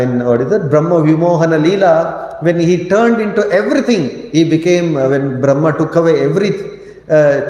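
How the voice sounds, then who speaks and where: A man giving a storytelling sermon at a temple, animated and halting, with many fillers. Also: a little high. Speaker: monk giving a scripture talk. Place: temple cowshed. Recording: echoey hall with long reverb.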